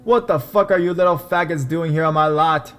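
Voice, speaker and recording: A man voicing an aggressive young male thug who shouts threats from a car. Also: fairly high pitch, fairly quick, pitched above the performer's own voice, natural voice. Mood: hostile yelling. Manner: hostile, yelling.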